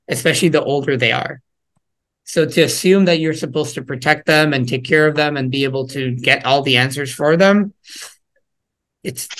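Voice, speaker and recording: A man's voice: on the high side, a bit bright. A man giving a casual talk to parents on listening to children, acting out little exchanges between parent and child as he goes. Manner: conversational, acts out parent and child quotes. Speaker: parenting workshop speaker.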